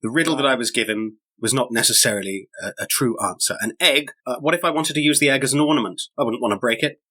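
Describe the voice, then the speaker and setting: A man's voice: mid-range voice, fast talker, pushed and bright. A man playing a tabletop game, speaking in character as a fussy, stammering complainer. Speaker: player. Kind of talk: in-character role-play chat.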